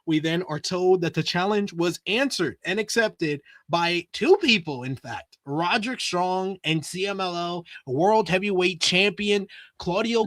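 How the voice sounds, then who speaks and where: Bright-voiced man recapping wrestling. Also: sits high, no room sound, studio quality. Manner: quick recapping, frequent laughter. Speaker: wrestling review co-host. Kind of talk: casual chat and show recap.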